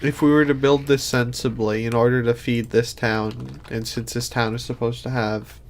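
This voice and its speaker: A man's voice: medium pitch, level tone, moderate pace, a little hiss or hum. A sleepy man streaming a game in casual commentary, rambling and thinking aloud with many restarts. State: sleepy, yawning.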